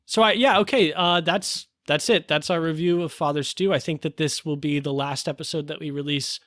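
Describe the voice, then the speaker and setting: Soft-spoken man co-hosting a film podcast. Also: on the high side, steady tone, brisk, no room sound, clean studio sound. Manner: hesitant, many fillers and restarts. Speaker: podcast co-host. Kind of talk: casual film review chat.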